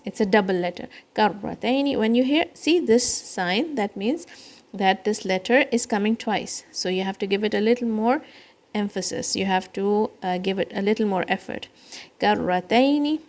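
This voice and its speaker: Patient woman teaching kids recitation. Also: mid-range voice. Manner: slow and patient, explains each letter step by step; breaks into quicker chanted recitation lines. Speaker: Quran recitation teacher for children. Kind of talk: slow, patient kids' lesson.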